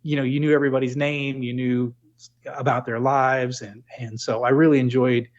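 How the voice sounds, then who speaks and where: A man's voice: mid-range voice, little pitch movement, normal speed, lo-fi sound. A middle-aged man from New England who has lost his accent, talking things through as a podcast guest, with many restarts. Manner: reflective, full of restarts and "you know". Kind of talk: casual interview talk.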